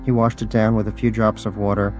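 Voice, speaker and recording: A man narrating a story in a dry, wry, unhurried way. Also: fairly low pitch, little pitch movement, over music.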